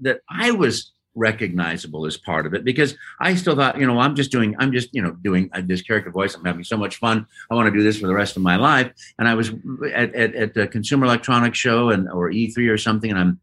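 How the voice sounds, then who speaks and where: Bright-voiced voice actor telling stories. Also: male voice. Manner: lively anecdotal storyteller who jumps into high quoted voices. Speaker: voice actor guest. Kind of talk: casual interview storytelling.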